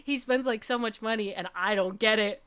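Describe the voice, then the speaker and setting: Animated young woman streamer, laughing. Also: fairly high pitch, moderate pace, clear, resonant tone. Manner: animated, laughs often, says "okay?" a lot. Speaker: VTuber streamer. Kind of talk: casual storytelling.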